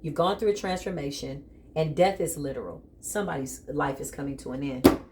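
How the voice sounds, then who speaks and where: A woman's voice: deep voice, a little fast, heavy background noise. A woman giving a spiritual tarot reading, speaking bluntly and emphatically straight to the viewer. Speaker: tarot reader.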